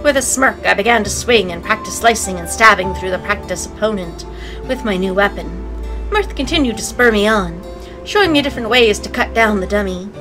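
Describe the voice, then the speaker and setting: A woman's voice: medium pitch, animated, brisk, over music, rough recording. A woman narrating a visual novel aloud as a let's play, breaking in with sarcastic, playful asides. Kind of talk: reading game text aloud with commentary.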